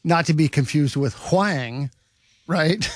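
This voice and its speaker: A man's voice: on the high side, slow, no room sound, studio quality. A man co-hosting a radio show, offbeat and amused by his own jokes. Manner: offbeat, cracks himself up. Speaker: radio co-host. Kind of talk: casual radio banter.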